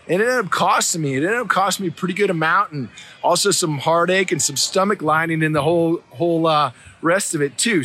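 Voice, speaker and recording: A man's voice: a little high, sharp tone. A man hosting a casual motivational vlog, probably in his forties, telling a family story upbeat and drawing a lesson from it. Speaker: host of a daily motivational video. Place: outdoors at a ski resort.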